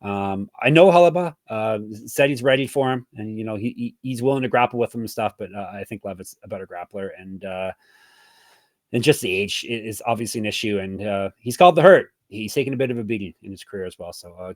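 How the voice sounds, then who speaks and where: A man's voice: lowish voice, dry recording, studio quality. A man from Canada co-hosting a sports betting podcast, chatting loosely with lots of fillers and then reading ads. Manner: relaxed, halting with many fillers. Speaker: podcast co-host. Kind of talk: casual podcast chat and ad reads.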